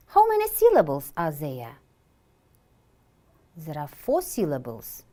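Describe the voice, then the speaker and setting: A woman teaching an English vocabulary lesson for television, pronouncing every word slowly and deliberately. Her pitch rises and falls lively as she asks questions and then answers them herself. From Kyrgyzstan. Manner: slow, deliberate, clearly enunciated.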